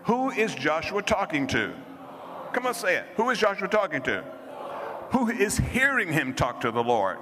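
A man preaching a sermon, leading call-and-response with the congregation and rising to shouts. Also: high-pitched, sing-song, moderate pace. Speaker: pastor. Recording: reverberant hall with music behind.

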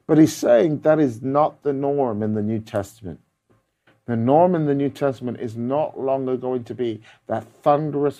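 A man preaching a sermon in an emphatic style. He counts off numbered points and quotes scripture, swinging between loud, forceful lines and quiet, hushed ones. His voice sits at an ordinary middle pitch for a man.

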